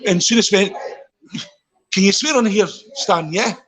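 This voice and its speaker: A man's voice: high-pitched, a little slow, a bit bright, low-quality recording. A man, a former footballer, telling rambling dressing-room stories in casual chat, often repeating his words.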